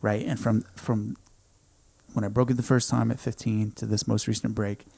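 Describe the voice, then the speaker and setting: Gravelly-voiced man telling an intense story. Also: on the low side, little pitch movement, moderate pace, no echo. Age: 30s. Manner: intense, emphatic, peppered with "dude," swinging from hushed to loud. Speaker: podcast guest. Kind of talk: casual storytelling. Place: home studio.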